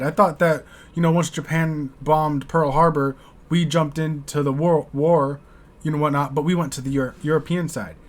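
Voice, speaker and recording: American guy rambling in a reaction vid, kinda high voice, cusses casually. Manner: rambling, candid, swears casually. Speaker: reaction video host.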